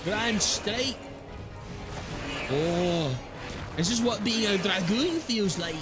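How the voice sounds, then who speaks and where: A man from the Philippines streaming a game live, chatting casually with his viewers and excitedly reading game text aloud. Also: high-pitched, slow. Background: game music.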